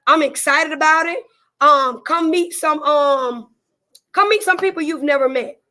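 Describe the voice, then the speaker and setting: A woman's voice: high-pitched, unhurried, sharp tone. A woman with a Southern drawl hosting a casual live stream, chatting folksily with viewers, repeating herself and greeting them by name.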